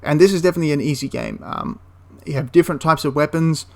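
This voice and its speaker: A man's voice: fairly high pitch, fast talker, creaky, darkish tone. A man giving a casual, enthusiastic spoken review of a tabletop wargame, rambling into asides and restarting his sentences.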